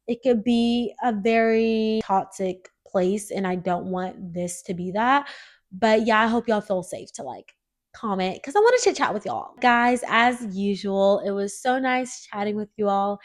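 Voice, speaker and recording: A woman's voice: mid-range voice, a little mellow. A woman in her twenties hosting a casual solo podcast, sounding nasal from a cold she is still getting over, chatty and earnest with lots of filler words. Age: 20s. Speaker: podcast host.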